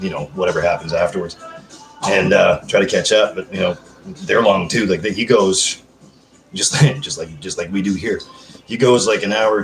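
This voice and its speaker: A man's voice: sits low, vocal fry, fairly bright tone. A man chatting with viewers from home on a live stream, joking and swearing in a loose, casual way.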